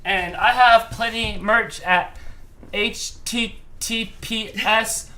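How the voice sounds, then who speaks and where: A man's voice: high-pitched, fairly even intonation, slow pace, pushed and bright. A man co-hosting a baking live stream, chatting casually and making dry, teasing jokes.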